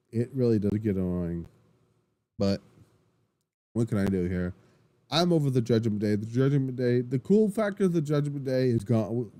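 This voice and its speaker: A man hosting a wrestling podcast, recapping the show in an excitable, rambling way, full of restarts and swearing. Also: on the low side, no room sound. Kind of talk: casual solo recap.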